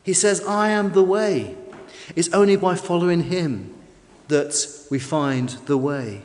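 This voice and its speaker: A man's voice: on the high side, darkish tone, in a large hall. A man preaching a sermon with an emphatic, varied delivery.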